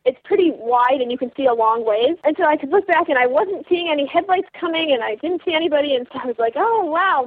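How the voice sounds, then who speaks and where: A teenage girl racing sled dogs, telling her story in an animated way with lots of "like" and quoted thoughts. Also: high voice, no echo. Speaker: dog sled racer, interview guest. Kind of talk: storytelling over the phone. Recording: tinny phone line.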